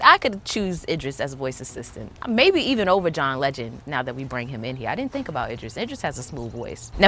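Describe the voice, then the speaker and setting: A woman hosting a casual tech vlog, chatty and excited, often saying "like". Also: fairly low pitch. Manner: chatty, enthusiastic, lots of "like" fillers. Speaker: tech vlogger.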